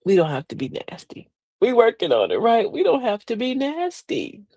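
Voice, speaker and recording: A woman's voice: on the high side, huge pitch swings, normal speed, dark tone, no room sound. A middle-aged woman hosting a live motivational talk, folksy and preachy, with emphatic delivery. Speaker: host.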